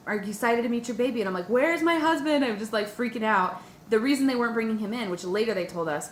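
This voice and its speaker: A young woman with a slightly low voice tells a personal story to her viewers. She sounds animated and a little breathless, and she fills her talk with "like" and "um". The recording carries a noticeable room echo over a faint background hum. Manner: excited and breathless, lots of "like" and "um", acts out her own panicked questions. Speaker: vlogger. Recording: echoey room with faint ambient noise.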